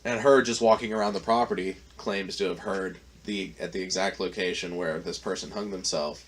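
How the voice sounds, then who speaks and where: Guy on a podcast with a lowish voice, swears a lot, rambles through a story, faint hum behind. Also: fairly even intonation, moderate pace. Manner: profane, rambling storyteller with frequent fillers. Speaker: podcast host. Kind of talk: casual storytelling.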